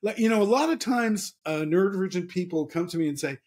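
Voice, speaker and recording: A man's voice: sits high, expressive, fast talker, hardly any pauses, darkish tone. A man being interviewed as a guest author, talking candidly and earnestly with frequent restarts. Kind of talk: casual interview chat.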